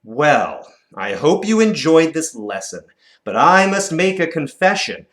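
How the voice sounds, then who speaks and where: A man teaching a recorded lesson to children, counting syllables out slowly and clearly in a playful, encouraging way. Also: on the high side, sing-song, a bit bright.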